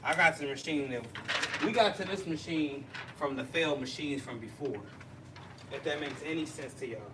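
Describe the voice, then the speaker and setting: Excitable man chatting on a livestream. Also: fairly high pitch, moderate pace. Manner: chatty and excitable, laughs and teases. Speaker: livestream host. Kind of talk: casual live chat. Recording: distant mic with noisy background.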